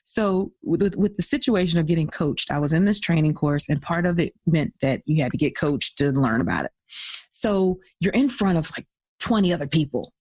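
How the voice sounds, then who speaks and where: A woman co-hosting a podcast, telling personal stories in an expressive, casual way. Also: low-pitched, moderate pace, husky, no room sound. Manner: expressive, dramatic storyteller. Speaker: podcast co-host. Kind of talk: casual chat.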